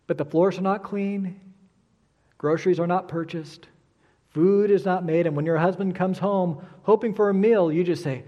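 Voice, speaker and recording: A middle-aged man preaching a sermon, animated and acting out the voices he quotes. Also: high-pitched, moderate pace. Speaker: pastor. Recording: long hall reverb.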